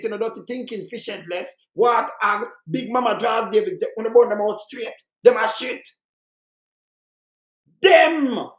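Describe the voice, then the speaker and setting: A commentator with a Jamaican accent, ranting fiercely and repeating points in patois. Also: medium pitch. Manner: fiery, repetitive, rants in Jamaican patois. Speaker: political commentator. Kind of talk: heated commentary monologue. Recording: roomy echo.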